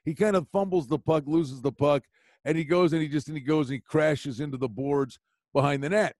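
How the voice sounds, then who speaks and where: Animated man telling a hockey story. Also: on the high side, a little fast, dry recording, clean studio sound. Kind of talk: casual sports chat.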